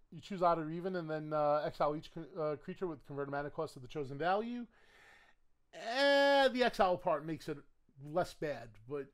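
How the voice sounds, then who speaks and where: A man gives casual running commentary while opening booster packs. His talk wanders and stumbles over fillers and restarts. It breaks into laughter and loud, gleeful yelling when he pulls the cards he wants. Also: fairly high pitch. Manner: rambling and chatty with bursts of loud excitement. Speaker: card game collector opening booster packs.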